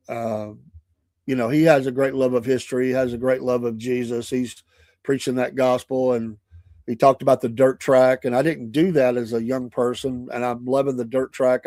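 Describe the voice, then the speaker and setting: A man's voice: medium pitch, a little mellow, dry recording, studio quality. Older man, folksy chuckling host. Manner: folksy, chuckling, rambling storyteller. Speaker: morning show host. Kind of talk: casual podcast chat.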